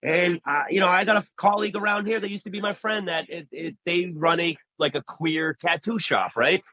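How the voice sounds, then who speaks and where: A man's voice: high voice, fairly quick, no echo, poor audio. A man, a barber, talking casually in an interview and acting out the people in his stories. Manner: animated storyteller, acts out quoted voices. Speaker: barber, guest.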